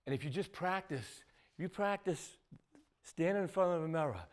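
A man teaching self-defense moves in a casual, rambling way, often checking in with "all right?" as he demonstrates. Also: moderate pace. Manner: loose, repetitive, says "all right?" and "boom" often. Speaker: martial arts instructor. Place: indoor studio.

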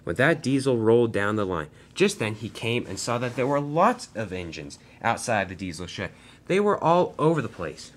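A man's voice: medium pitch, big pitch swings, normal speed. A man casually narrating a toy train story, loose and unscripted, with frequent restarts.

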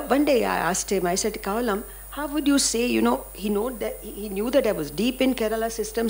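An older woman with an Indian English accent, speaking as a dance guru on a panel, animated and anecdotal. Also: mid-range voice, creaky. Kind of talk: panel discussion storytelling.

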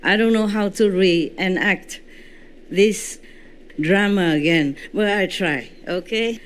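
A woman spiritual teacher giving a lecture in non-native English, telling stories with lively reenactments and often checking in with "you know" and "okay?". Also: mid-range voice, slow pace, smooth. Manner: animated storytelling, reenacting her own shouts. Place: indoor lecture at a retreat. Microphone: microphone.

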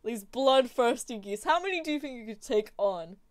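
A woman's voice: fairly high pitch, lively intonation, moderate pace, no echo, studio quality. A young woman streaming from home, chatting casually with her viewers while gaming, giggling often and answering chat.

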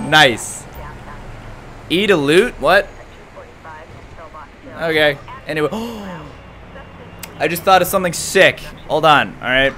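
A young man giving excited live commentary as he streams a game, jumping from mumbling to shouts and laughter. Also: a little high, slow pace, long pauses, slight background noise.

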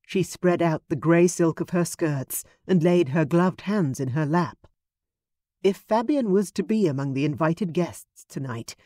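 A woman narrating a period romance audiobook in a measured, expressive studio reading. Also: low voice, no room sound.

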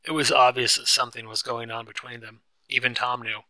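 Bright, dry male storyteller voice. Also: medium pitch, little pitch movement, a little fast, no room sound, low-quality recording. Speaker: audiobook narrator. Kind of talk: scripted narration of a simplified classic novel.

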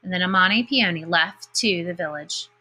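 A woman teacher reading a picture book aloud to her class, with expressive delivery and comments of her own in between. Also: lowish voice, fairly quick, breathy edge. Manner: expressive storybook reading with lively character voices.

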